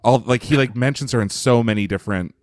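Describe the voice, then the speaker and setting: A man's voice: mid-range voice, fast, darkish tone, no room sound, studio quality. A male podcast co-host chatting casually, musing hesitantly and loosely. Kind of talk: casual chat.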